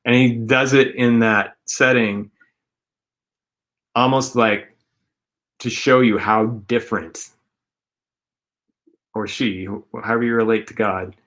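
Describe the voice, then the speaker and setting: Male co-host, lowish voice, earnest and rambling faith talk. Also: fairly even intonation, slow, pauses often, fairly bright tone. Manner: earnest, rambling, filler-heavy.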